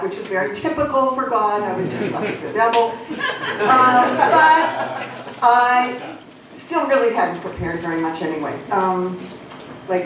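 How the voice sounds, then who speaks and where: A woman's voice: on the high side, distant mic, noisy background. A woman tells a rambling, self-deprecating comic story with plenty of fillers. Her voice comes from across a very echoey club room. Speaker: stage performer. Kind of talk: live comedic storytelling. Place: small club stage.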